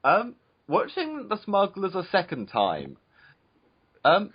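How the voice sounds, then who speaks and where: A man's voice: sits high, slow pace, slightly rough, dull audio. A man hosting a casual podcast chat over an online call, emphatic and handing questions to his guests. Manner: lively, emphatic, hands the questions round. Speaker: podcast host.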